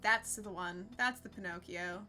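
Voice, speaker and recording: A woman's voice: fairly low pitch, measured pace, pushed and bright, faint music behind. A young woman streaming a game, chatting casually with her viewers and laughing often. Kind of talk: casual live-stream chat.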